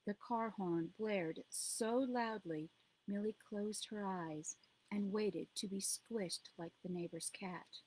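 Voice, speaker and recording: A woman narrates her own book aloud. Her pitch sits in the middle range, and her delivery stays steady and measured. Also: slight background noise, poor audio. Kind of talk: audiobook reading.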